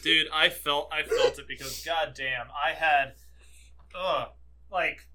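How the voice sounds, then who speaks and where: Rambling young man, bright tone. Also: fairly high pitch, fairly even intonation, takes it slowly. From southern United States. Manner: rambling, swears, laughs often. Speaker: podcast co-host. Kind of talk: casual chat.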